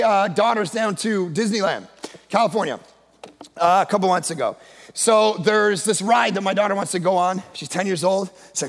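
A male guest pastor preaching a sermon in a church, emphatic and often shouting. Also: sits high, vocal fry. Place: church sanctuary. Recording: long echo of a large church hall.

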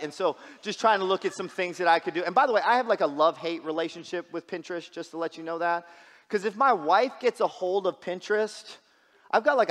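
A man's voice: fairly high pitch, fairly bright tone, big-room sound. A man preaching a sermon as a guest pastor, casual and joking, often repeating words as he restarts. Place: church sanctuary.

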